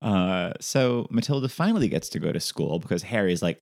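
A man's voice: deep voice, lively intonation, a little fast, vocal fry, a little mellow. A man casually recapping a movie plot with enthusiasm and fillers. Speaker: podcast co-host.

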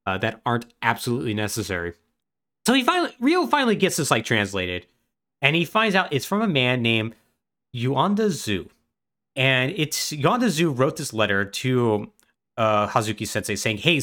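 A man co-hosting a podcast, retelling a game's story in animated, casual chat full of "like". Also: medium pitch, moderate pace. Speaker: podcast co-host.

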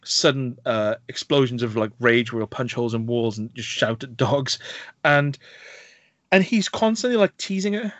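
A man's voice: medium pitch, animated, moderate pace, a bit bright, no room sound, lo-fi sound. A man co-hosting a podcast, reviewing a film in a rambling, casual way with many fillers and bursts of laughter. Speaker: podcast co-host.

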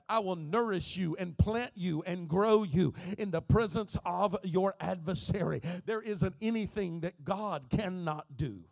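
A man preaching a sermon as pastor, moving between quiet speech and shouted, half-sung lines. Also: sits high, unhurried, gravelly, hardly any pauses, no echo. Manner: preaching, swings from soft to shouting and half-singing.

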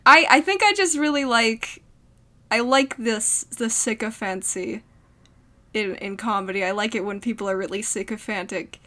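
A woman's voice: fairly high pitch, normal speed, bright, forceful tone. A young woman co-hosting a casual comedy podcast, giggly and playful, chatting about sketches with her friend. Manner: giggly, playful, breaks into goofy put-on accents. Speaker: podcast co-host.

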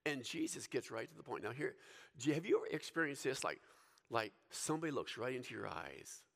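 A man's voice: mid-range voice, lively intonation, a little fast, gravelly, a bit bright, big-room sound. A man preaching a sermon in a casual, conversational way, full of asides and questions to the listeners. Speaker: pastor.

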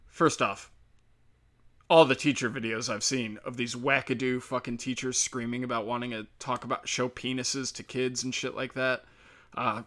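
An American man rants on his own show in a loose, off-the-cuff way. He is sarcastic and swears constantly. His voice has a bright, forceful edge. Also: medium pitch. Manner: crude, sarcastic and profane. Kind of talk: casual solo rant.

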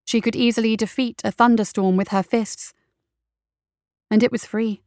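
A woman reading fantasy narration for an audiobook in a steady, measured way. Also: on the high side, no room sound, clean studio sound.

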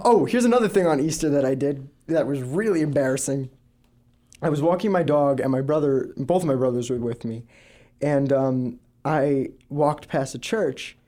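A man's voice: fairly high pitch, dark tone. A young man co-hosting a podcast, talking casually, joking crudely and swearing a lot. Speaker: podcast co-host. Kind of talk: casual chat.

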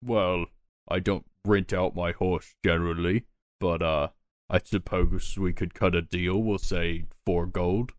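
Male GM voicing a blunt, grudging horse renter with a low voice. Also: fairly even intonation, a little slow, dry recording, clean studio sound. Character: gruff man renting out his war horse.

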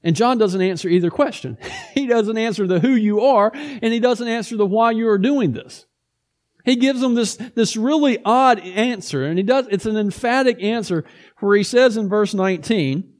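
High-pitched male preacher, casual storytelling sermon delivery. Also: normal speed. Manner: conversational, lively storytelling with asides.

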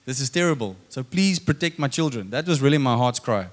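A man's voice: mid-range voice, lively intonation, a little fast. A man, likely in his thirties, preaching a sermon and telling a personal story, acting out his own inner dialogue.

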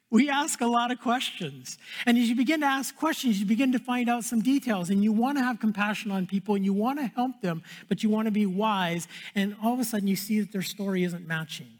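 A male pastor preaching a sermon in an earnest way, repeating phrases and dropping to a hush for emphasis. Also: high voice, brisk. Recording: long hall reverb.

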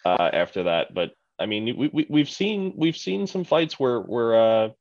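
A man co-hosting a podcast in casual chat, rambling with halting restarts over a remote call mic. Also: mid-range voice, sing-song, gravelly, a little mellow. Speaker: podcast co-host. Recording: muffled lo-fi audio.

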